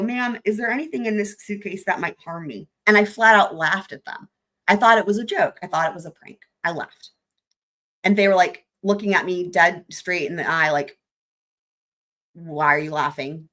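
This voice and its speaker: A woman's voice: mid-range voice, fairly bright tone. A young adult woman hosting a livestream, telling a story in casual chat, laughing often and swearing freely. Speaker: livestream host.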